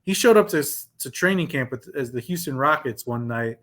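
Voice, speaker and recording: A man's voice: medium pitch, lively intonation, brisk, fairly bright tone. Rambling man in casual podcast chat. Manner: rambling storyteller with fillers and restarts. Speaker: podcast co-host.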